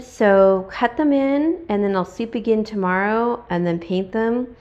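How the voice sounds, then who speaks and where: Woman, casual DIY vlog, chatty and rambling, hurried, mid-pitched voice, indoors at home. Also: a little mellow, muffled recording. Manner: chatty, rambling, with fillers and little laughs. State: hurried, under time pressure. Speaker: DIY vlogger. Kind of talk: casual vlog narration while painting. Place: inside a house, on the stairs and landing.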